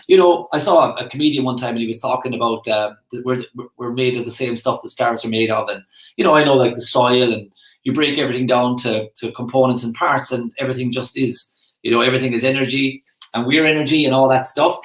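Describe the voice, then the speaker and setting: A man's voice: mid-range voice, brisk. A man in his forties with an Irish accent, talking in a rambling, chatty way with self-aware asides, in a casual reflective monologue. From Ireland. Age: 40s. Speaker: motivational speaker. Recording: echoey room.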